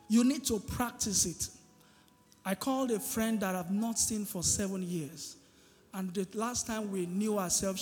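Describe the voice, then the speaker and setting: A male pastor preaches a sermon, drawing answers from the congregation with repeated questions. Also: high voice. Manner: call-and-response preaching, asking the congregation "what?". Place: church hall. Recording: reverberant hall with music behind.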